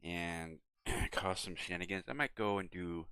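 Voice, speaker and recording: A young man streaming a game, chatting to viewers in a relaxed, rambling way and yawning now and then. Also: low-pitched, moderate pace, clean tone, no room sound. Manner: relaxed, rambling, talks to chat and his cat. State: yawning, tired. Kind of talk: casual live-stream chat.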